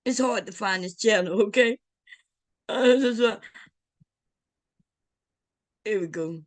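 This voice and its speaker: A middle-aged woman hosting a casual livestream, loud and joking, swearing freely and talking straight to her chat. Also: mid-range voice, slow, no room sound. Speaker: livestream host.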